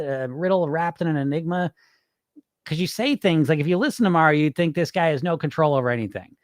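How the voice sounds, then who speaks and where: A middle-aged man coaches dieters on his podcast in a blunt, profane, casual way, his voice sitting fairly high and swinging widely in pitch. He often slips into a panicky imitation of a dieter before snapping back to plain talk. The sound is dry and close. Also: dry recording. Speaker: podcast host and weight loss coach.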